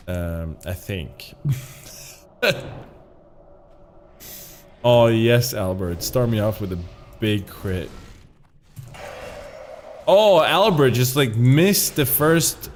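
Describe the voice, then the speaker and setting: While streaming a game, a man with a fairly low voice chats casually, rambling, cursing, and laughing at himself. There's slight background noise.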